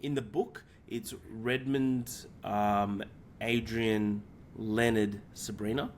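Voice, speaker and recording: A man's voice: lowish voice, steady tone, takes it slowly, slight background noise. A man co-hosting a casual film podcast, retelling a story at length with lots of fillers and casual swearing. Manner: rambling plot retelling with many fillers. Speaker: podcast co-host.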